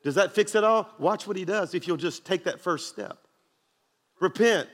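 A male pastor delivers an emphatic sermon, urging the congregation to answer him back. His voice sits high for a man. The sound rings with the long reverb of a large church hall. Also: moderate pace, a bit bright. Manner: preachy, emphatic, call-and-response to congregation.

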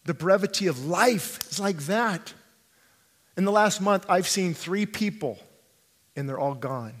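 A male pastor preaching a sermon, swinging between hushed pleading and fervent shouting and repeating phrases for emphasis. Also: sits high, expressive, a little slow, in a large hall. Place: church sanctuary.

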